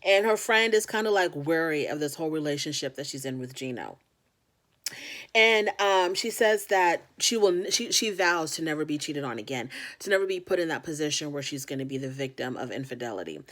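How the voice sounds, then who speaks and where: A woman's voice: low-pitched, expressive, brisk, fairly bright tone. A woman hosting a casual reality TV recap, talking frankly and filling her speech with "like" and "you know.". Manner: chatty, frank, heavy on fillers like "you know".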